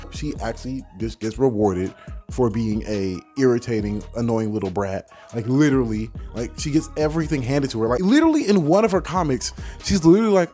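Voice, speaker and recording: A man's voice: medium pitch, big pitch swings, a little mellow, faint music behind. Young man ranting heatedly. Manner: heated, dismissive, fast-talking, heavy on filler "like" and swearing. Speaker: video commentator. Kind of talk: casual ranting commentary.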